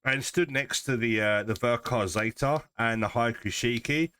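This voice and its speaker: This Southern English livestream host chats loosely while assembling a model kit, rambling and beginning his sentences again. His voice is mid-range, bright, and forceful, clean in tone, at a moderate pace.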